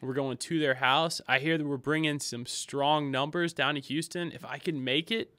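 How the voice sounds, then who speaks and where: Excitable man with a bright, crisp voice. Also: a little high, moderate pace, dry recording. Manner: excitable, rambling with frequent restarts. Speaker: podcast co-host. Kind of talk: casual sports chat.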